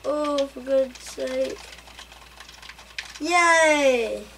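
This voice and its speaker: A woman reacting out loud while playing a racing game, laughing and exclaiming often. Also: high voice, extremely slow. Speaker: gameplay streamer. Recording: mic a bit far off, faint room noise.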